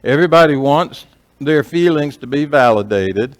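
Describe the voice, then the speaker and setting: A man's voice: mid-range voice, lively intonation, moderate pace. A middle-aged man speaking at a marriage seminar in a church, conversational, checking in with the audience and acting out quoted couples. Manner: conversational, asks the audience "right?"; acts out quoted voices. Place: church hall.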